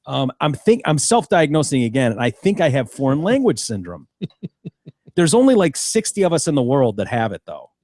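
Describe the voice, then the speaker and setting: A man co-hosts a casual podcast, jokey and quick to laugh. His voice sits in a middle register. The mic is close and dry, with no room sound. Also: mid-range voice, big pitch swings, no room sound. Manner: jokey, laughs often, puts on silly French shouts. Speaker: podcast co-host. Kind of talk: casual comedic chat.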